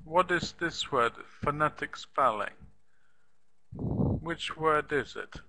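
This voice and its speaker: A man giving an English lesson at a very unhurried pace, repeating words and sounding them out. His voice is a little higher than most men's and very bright and crisp. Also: poor audio. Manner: slow, patient, repeats and spells out words. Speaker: English teacher.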